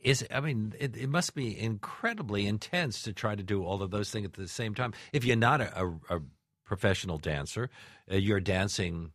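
A man hosting an interview, asking questions in a halting way with many fillers. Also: on the low side, expressive, fairly bright tone, no room sound, clean studio sound. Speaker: radio host.

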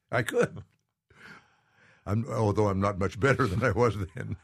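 A man's voice: fairly low pitch, unhurried, gravelly, husky, dry recording, studio quality. An older man chatting as an interview guest, self-deprecating and laughing often. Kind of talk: casual interview chat.

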